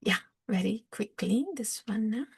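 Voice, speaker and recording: Soft-spoken, husky woman teaching scripture. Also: medium pitch, slow. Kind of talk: scripture class storytelling.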